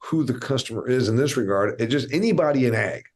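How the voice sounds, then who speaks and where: A man hosts an interview podcast in a loose, conversational style. He tells stories and drops blunt asides, and his voice sits at an ordinary medium pitch. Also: animated, fast talker. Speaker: podcast host.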